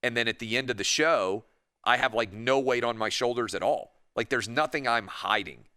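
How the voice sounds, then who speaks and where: Bright, crisp-voiced male radio host. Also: mid-range voice, moderate pace, no echo. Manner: animated, rambling, acts out imagined dialogue. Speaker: radio talk show host. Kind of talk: opinionated radio monologue. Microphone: studio microphone.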